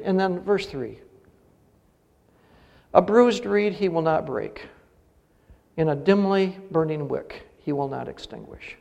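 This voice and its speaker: A man's voice: high voice, lively intonation, takes it slowly, vocal fry, pauses often, darkish tone. A middle-aged male pastor preaching a sermon, earnest and building to emphatic peaks on key phrases. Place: church sanctuary. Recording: long reverb of a church hall.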